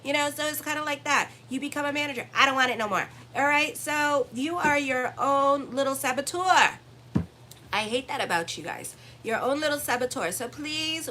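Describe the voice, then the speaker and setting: A woman astrologer runs through a weekly horoscope in a loose, chatty way. She is blunt and profane, teasing her listeners as she goes. Her voice is bright and forceful, a touch high for a woman, with a faint hiss of noise behind it. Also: poor audio. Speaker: astrologer and tarot reader. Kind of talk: casual weekly horoscope reading.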